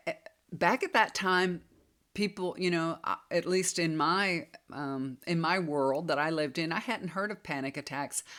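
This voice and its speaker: A woman's voice: low-pitched, fairly bright tone. A woman, likely in her fifties, telling a personal story to viewers in a chatty, confiding way. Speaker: tarot reader and healer.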